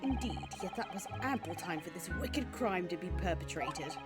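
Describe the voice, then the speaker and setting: A woman's voice: on the low side, animated, normal speed, lightly acted. Pompous great detective, male, in a hammy put-on English accent, voiced by a woman reading a game aloud. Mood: grandiose. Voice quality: theatrical, grandiose. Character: pompous self-proclaimed great detective man. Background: game music.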